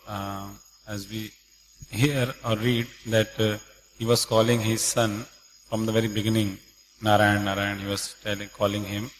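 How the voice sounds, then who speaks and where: A man in the audience asking a question hesitantly, with many pauses. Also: lowish voice, fairly bright tone. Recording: echoey hall with faint noise.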